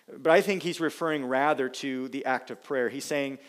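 A man preaching a sermon, earnest and emphatic, with dramatic pauses and repeated phrases for weight. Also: mid-range voice.

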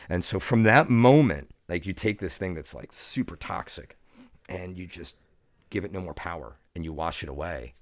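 Earnest and reflective, a podcast guest in his forties tells a personal story in casual conversation, with frequent restarts and plenty of "like." His voice sits low and is expressive, at a normal speed, captured in a dry recording.

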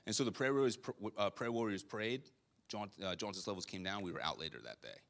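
A young man preaching a sermon, telling a personal story in a conversational, animated way with quoted dialogue. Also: lowish voice, quick pace, gravelly.

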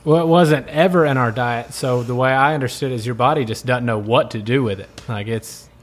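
A man's voice: mid-range voice, brisk. A man with a South Carolina accent hosting a podcast, chatting in a laid-back way and swearing casually. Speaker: podcast host.

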